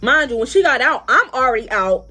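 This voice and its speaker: A young woman tells a storytime tale in a casual, foul-mouthed way. Her voice sits high and swings widely in pitch. She acts out bits of what others said along the way. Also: brisk. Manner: animated, profane, acts out other people's lines. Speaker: vlogger. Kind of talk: storytime vlog.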